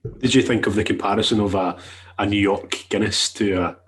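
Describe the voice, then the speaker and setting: A man's voice: fairly low pitch, fairly even intonation, brisk, a bit bright, husky. A Scottish man co-hosting a podcast who chats casually and often restarts his questions. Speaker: podcast co-host. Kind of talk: casual chat.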